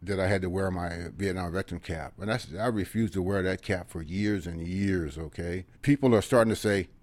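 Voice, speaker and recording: A veteran man in his seventies tells his stories in an earnest, folksy way, slipping into quiet asides. His voice sits low and is close and dry, with no room sound around it. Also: fairly quick, dry recording. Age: 70s. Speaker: guest, veteran and organizer of a history project. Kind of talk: conversational storytelling.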